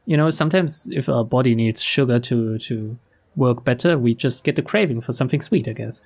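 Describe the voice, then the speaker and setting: A young man reading a visual novel aloud, mixing flat narration with casual, chuckling asides. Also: mid-range voice, fairly quick. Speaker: let's player.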